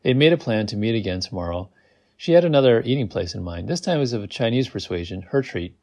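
A man's voice: on the low side, animated, fast talker, a little mellow. A man reading a novel aloud, amused, who stops to comment on the text. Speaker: reader.

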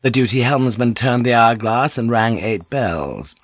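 A man's voice: medium pitch, measured pace, no room sound, dull audio. Male audiobook narrator, dry close sound. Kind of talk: scripted narration.

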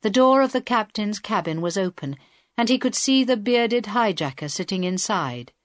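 A woman reading a story aloud as an audiobook narrator, in a deliberate, even storytelling manner. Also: mid-range voice, dry recording, studio quality. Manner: slow, deliberate reading with quiet voiced dialogue. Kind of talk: scripted narration.

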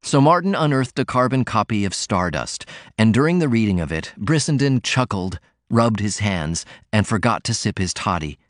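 A man reading a classic novel aloud as an audiobook narrator, in a measured, steady way. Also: fairly low pitch, dry recording, clean studio sound.

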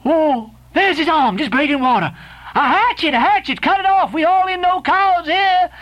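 A woman's voice: very high voice, animated, moderate pace, a bit bright, lo-fi sound. A woman voicing a young, crazed ship's boy who rambles and calls out in a sing-song way.

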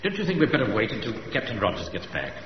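An actor playing a pompous middle-aged male Home Guard captain who barks brisk orders, in a 1970s radio sitcom. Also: lowish voice, very animated. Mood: commanding. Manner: pompous, blustering, brisk commands. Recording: echoey lo-fi radio recording, hiss.

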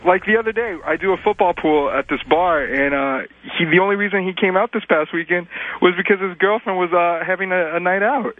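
Male caller from LA, a little high, thin phone line, stammering and indignant. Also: a little fast. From Los Angeles area. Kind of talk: phone-in chat. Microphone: telephone. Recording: tinny phone line on radio.

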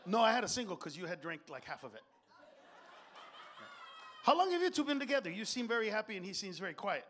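A stand-up comedian who swears constantly and swings between loud outbursts and low muttered asides. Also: male voice, very animated, quick pace, pauses often, a little hiss or hum. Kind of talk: stand-up routine.

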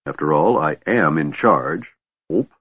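A man voicing a grumpy, proud old male dwarf with a gruff, blustering manner, for a storybook reading. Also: very deep voice, expressive, measured pace, no room sound, voice pushed down, exaggerated voice. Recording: tinny phone-like dry sound.

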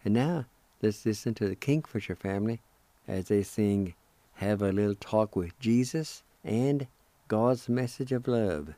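A man hosting a radio program, soft-spoken and relaxed as he introduces the music. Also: on the low side, unhurried, dry recording. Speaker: radio host.

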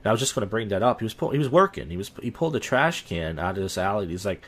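A young man with a somewhat low voice, talking casually on a podcast. He rambles, restarts his sentences and acts out little bits of dialogue as he goes. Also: big pitch swings, very fast, a bit bright. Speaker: podcast guest. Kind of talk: casual chat.

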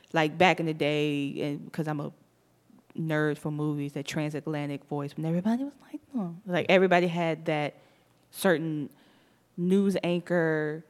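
Young Southern woman, podcast host, slight lisp, animated slangy chat with frequent laughs. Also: sits low. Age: young adult.

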